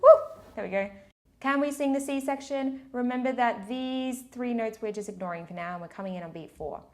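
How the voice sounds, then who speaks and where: A woman's voice: on the high side, a little fast. A woman with a slight accent giving a patient, encouraging singing lesson, counting beats aloud as she teaches. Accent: non-native English accent. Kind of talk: step-by-step vocal tutorial. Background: piano chords.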